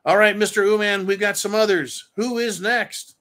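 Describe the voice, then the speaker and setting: A man's voice: high-pitched, fairly even intonation, moderate pace, a bit bright. A man hosting a show, ranting angrily about politics and swearing constantly as he reads viewer comments. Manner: angry, crude, swears constantly. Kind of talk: profane political rant.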